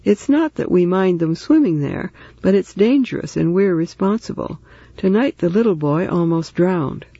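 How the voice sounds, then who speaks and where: A man's voice: high voice, animated, moderate pace, dark tone, husky, dry recording, dull audio, heavily acted. A man voicing a stern, formal older colonel in a storybook reading. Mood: firm.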